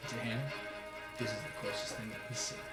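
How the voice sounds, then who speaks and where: A man's voice: lowish voice, flat delivery, a little fast. Man narrating a dungeon game in a roomy space. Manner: dramatic narration mixed with casual rulings. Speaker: dungeon master. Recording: roomy recording with music.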